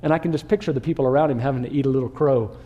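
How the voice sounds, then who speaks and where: A man preaching a sermon as pastor, animated, asking the listeners questions and acting out crowd voices. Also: medium pitch, rapid-fire, highs cut off.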